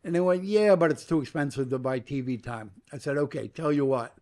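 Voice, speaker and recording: As an interview guest, an older media entrepreneur from New York tells long, lively stories and performs the quoted lines himself. His voice is a little high and fairly quick.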